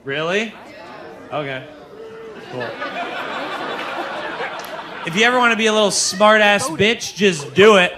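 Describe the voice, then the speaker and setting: A man's voice: sits high, expressive, unhurried, pauses often, background noise. Brash sarcastic stand-up comedian, man. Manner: brash, sarcastic, shouts punchlines. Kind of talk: stand-up set with crowd work. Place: comedy club stage with laughing audience. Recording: live club recording with audience laughter. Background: crowd laughter.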